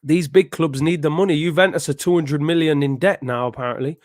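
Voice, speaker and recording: Streamer, British man, slightly high voice, relaxed slangy chat, dry room. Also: fairly quick, dry recording. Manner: laid-back, slangy, reads out viewer comments. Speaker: watchalong host. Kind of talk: casual live-stream chat reading comments.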